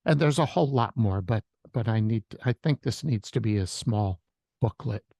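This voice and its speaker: A man's voice: lowish voice, normal speed, creaky, mellow, no room sound. A man who is a worship leader, sharing a reflective devotional message with storytelling on a video call.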